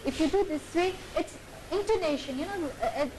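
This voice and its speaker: A woman's voice: very high-pitched, a little fast. A woman training teachers in phonics, prompting the group for words and explaining how intonation keeps children engaged. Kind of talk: instructing a phonics class. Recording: noisy room recording.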